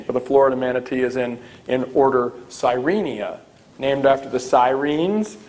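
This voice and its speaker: A man's voice: medium pitch, normal speed, a little mellow, poor audio. A man rambling hesitantly, full of ums, in a clip played back for review. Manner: meandering, hesitant, many ums. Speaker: speaker in a clip being reviewed. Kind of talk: rambling talk.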